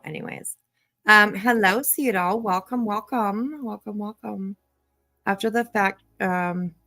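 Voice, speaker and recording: Slow-talking sarcastic woman streamer. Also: fairly low pitch, no room sound. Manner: chatty, sarcastic, thanks viewers warmly. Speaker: commentary channel host. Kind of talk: casual live-stream commentary. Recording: dry close mic, faint music.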